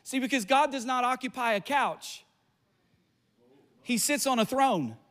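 High-voiced pastor man preaching animatedly. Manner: animated storytelling with laughs and quick asides. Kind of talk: sermon.

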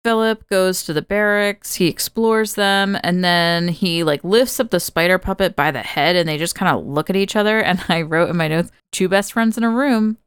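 Clear-voiced woman recapping a film casually. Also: lowish voice, normal speed, hardly any pauses, no echo, clean studio sound. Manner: chatty, laughs often, swears casually. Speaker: podcast co-host. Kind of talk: casual movie recap chat.

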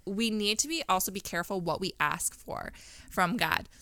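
Bright, clear lower-voiced woman. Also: lively intonation, normal speed, no room sound. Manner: earnest, reflective, uses fillers like "like" and "you know". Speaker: co-host of a Christian podcast. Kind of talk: faith-based conversational discussion.

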